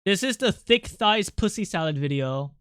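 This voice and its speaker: Rambling, playful streamer with a bright voice. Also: medium pitch, lively intonation, moderate pace, smooth, no echo, clean studio sound. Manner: rambling, playful, many fillers. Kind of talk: casual livestream chat while drawing.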